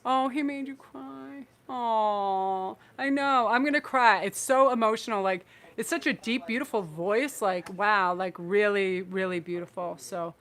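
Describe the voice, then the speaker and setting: A woman's voice: mid-range voice, measured pace, few pauses, fairly bright tone. Effusive woman giving a live tarot reading. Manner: effusive and emotional, rambling with restarts. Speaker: tarot reader and channel host. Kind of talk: live-streamed psychic reading.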